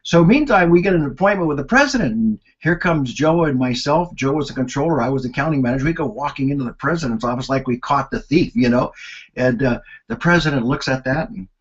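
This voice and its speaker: A man in his sixties presenting a marketing lesson, telling anecdotes in an animated storyteller's way. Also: mid-range voice, quick pace, husky, muffled recording.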